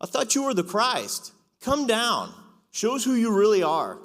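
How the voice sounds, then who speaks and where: Brief: jeering mocker voiced by a man, sneering and raised in pitch, roomy hall echo. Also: wildly swooping pitch, normal speed, fairly bright tone, exaggerated voice. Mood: taunting. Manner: sneering, taunting. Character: jeering male crowd mocking a condemned man. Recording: echoey hall reverb.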